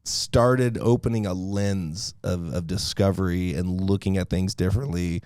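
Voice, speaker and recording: A man, a podcast guest, telling stories in a casual, animated way and laughing often. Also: deep voice, unhurried, clear, resonant tone, no echo, studio quality. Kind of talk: casual storytelling.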